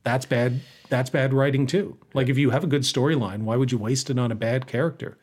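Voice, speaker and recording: A man co-hosting a casual podcast, talking in an animated, joking way. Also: mid-range voice. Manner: animated, joking, quick to riff. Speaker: podcast co-host. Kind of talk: casual chat.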